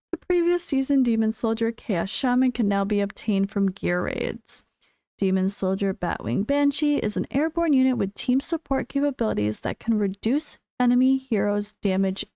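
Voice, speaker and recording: Woman gaming host, slightly hoarse, mellow tone, dry close sound, excitable patch-note commentary. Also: no room sound. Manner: excitable, bursts into high exclamations. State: voice going hoarse. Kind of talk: reading patch notes with commentary.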